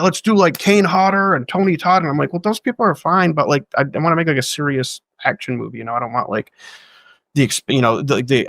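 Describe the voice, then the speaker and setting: A man's voice: medium pitch, a bit bright, dry recording. A man telling stories from making his films in casual, profane talk, acting out the people he quotes. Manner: fast, profane, acts out quotes of others. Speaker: guest filmmaker. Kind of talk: casual anecdotal storytelling.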